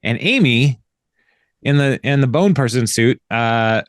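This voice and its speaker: A man's voice: medium pitch, animated, a little slow, no echo, studio quality. A man hosting a podcast, casually recapping an episode with a rambling manner, laughing often and acting out the characters' lines. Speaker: podcast host.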